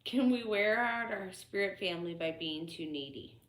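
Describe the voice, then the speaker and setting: A woman's voice: mid-range voice, animated, normal speed, a bit bright. A woman reading out viewer questions and prompting the host. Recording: echoey room, faint noise.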